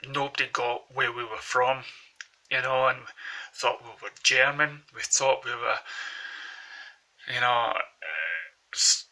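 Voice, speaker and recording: A man's voice: mid-range voice, level tone, measured pace, pauses often, pushed and bright, rough recording. A man with a Glaswegian accent from Scotland, rambling through casual anecdotes as a vlogger. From Glasgow, Scotland. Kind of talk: casual chat to camera.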